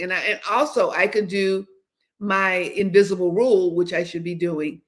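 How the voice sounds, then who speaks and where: A woman's voice: lowish voice, steady tone, normal speed. A woman in her seventies, hosting a casual livestream chat, rambling along with many restarts and hesitations. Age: 70s. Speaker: host.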